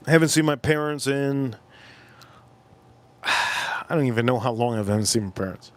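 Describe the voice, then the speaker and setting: A man in his forties hosting a casual live stream, telling a rambling story and repeating himself. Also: moderate pace. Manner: rambling, repeats himself, jumps into loud high-pitched impressions. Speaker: livestream host.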